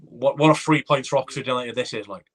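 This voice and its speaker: A man hosting a live reaction watchalong, excitable and chatty, reading viewer comments aloud. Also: mid-range voice, fast talker, a little hiss or hum. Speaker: fan watchalong host.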